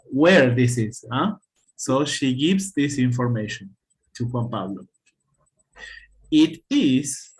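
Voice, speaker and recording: Slow, patient male English teacher. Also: medium pitch. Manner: patient, checks in with "hmm?" often. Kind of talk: online class teaching.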